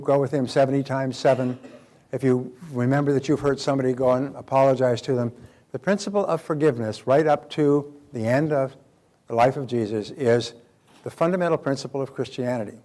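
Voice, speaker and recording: An older man speaking as a motivational speaker at a seminar. He talks with emphasis, repeats his key phrases and acts out little quoted exchanges, in a voice of middle pitch. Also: warm tone.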